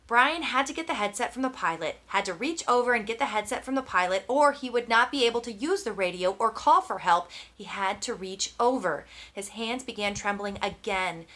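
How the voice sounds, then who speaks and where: A woman's voice: on the high side, bright, forceful tone. A woman narrating an audiobook with tense, dramatic storytelling. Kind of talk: scripted narration.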